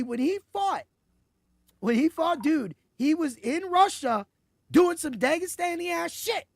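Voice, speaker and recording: Excitable gravelly-voiced man hosting a podcast. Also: extremely high pitch, unhurried, no echo. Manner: excitable, rambling, swears and laughs freely. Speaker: podcast host. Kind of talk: casual sports betting podcast chat.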